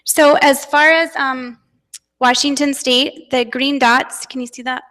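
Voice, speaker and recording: A woman's voice: sits high, steady tone, measured pace, a bit bright. An American woman giving an earnest, personal conference talk as a parent advocate. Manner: earnest, personal, emotional at times. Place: conference hall. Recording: long hall reverb.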